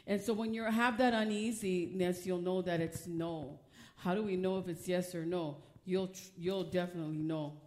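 A woman's voice: on the high side, darkish tone. A woman pastor preaching a sermon from the pulpit, emphatic and often asking the congregation questions.

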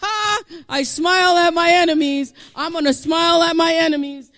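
A male pastor preaching a sermon, reading scripture aloud and breaking into passionate, shouted exhortation. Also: very high-pitched, steady tone, a little fast, no room sound. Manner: impassioned, builds to shouting.

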